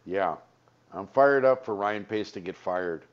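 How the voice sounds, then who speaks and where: A man hosting a sports radio show, rambling and joking, quick to laugh. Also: fairly low pitch. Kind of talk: casual sports radio talk. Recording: slightly dull radio broadcast audio.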